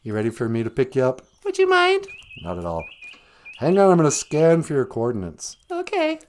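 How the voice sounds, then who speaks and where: A woman putting on a deep drawling man. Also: huge pitch swings, fairly quick, darkish tone, slight background noise. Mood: smooth. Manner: low mock-masculine drawl.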